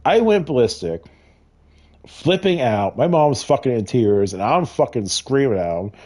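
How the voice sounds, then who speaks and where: A middle-aged man rants casually while he plays a game, swearing constantly and laughing as he goes. His voice is mellow and dark, but his pitch swoops up and down as he gets worked up. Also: sing-song, unhurried. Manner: profane, heated storytelling with frequent laughs. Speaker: gamer. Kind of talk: casual rant while gaming.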